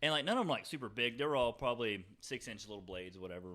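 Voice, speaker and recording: Young guy, bright edgy tone, profane rambling storyteller for a loose podcast chat. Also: medium pitch, lively intonation, fast. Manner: rambling, profane, laughs often. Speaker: podcast co-host.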